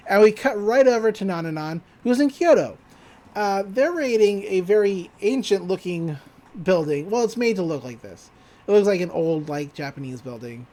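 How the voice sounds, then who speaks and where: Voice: mid-range voice, lively intonation, normal speed, warm tone. Rambling, profane podcast co-host. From Texas. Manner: rambling, profane, laughs often. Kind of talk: casual episode recap.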